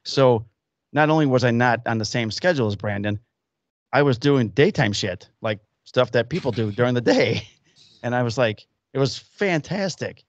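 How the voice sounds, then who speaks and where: A man's voice: mid-range voice, expressive, normal speed, no echo. A man in his fifties hosts a podcast from what sounds like a home workshop, spinning loose, rambling stories and acting out what other people said. His voice sits in an ordinary middle range. The recording is dull and a bit muffled, with a close, dry sound. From Illinois. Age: 50s. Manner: rambling anecdotes with acted-out quotes. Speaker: podcast host. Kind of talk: casual storytelling chat.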